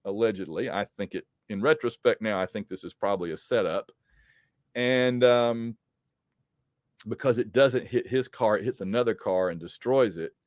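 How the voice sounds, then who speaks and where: A man's voice: medium pitch, dry recording. Rambling man recapping comics, dry sound. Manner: rambling, with frequent ums and restarts. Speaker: comic book podcast host.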